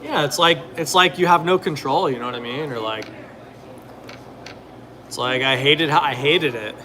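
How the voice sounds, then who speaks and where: At a moderate pace and fairly high pitch, a young man speaks in a bright, forceful tone, with a bit of hiss or hum audible. He chats in a relaxed, rambling manner, leaning heavily on fillers and occasionally replying to viewer questions.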